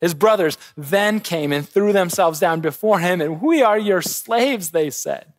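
High-voiced preacher, swinging loud and soft. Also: male voice, expressive, a little slow, dry recording. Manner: swings between quiet intensity and raised urgency. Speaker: pastor. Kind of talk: sermon.

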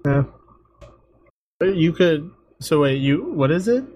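Man, podcast co-host, casual banter, self-mocking jokes, lively swooping pitch. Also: slow. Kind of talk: casual chat.

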